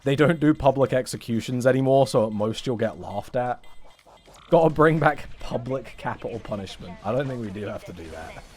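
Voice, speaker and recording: A man's voice: mid-range voice, expressive, brisk, a little mellow. A young English man on a casual livestream, rambling in a sarcastic, sweary way. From England. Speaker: streamer.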